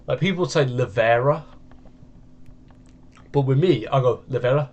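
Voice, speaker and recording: Guy, mid-pitched voice, rambling casual game commentary. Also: quick pace, darkish tone, slightly rough, muffled recording. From United Kingdom. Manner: rambling, meandering chat. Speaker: gaming channel host.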